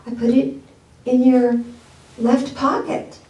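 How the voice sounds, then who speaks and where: A woman's voice: high voice, little pitch movement, slow, mellow, roomy sound, far from the mic, voice pushed up, rough recording. A woman preacher voicing a baffled rich man in a parable. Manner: insistent, questioning. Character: puzzled wealthy man in a parable.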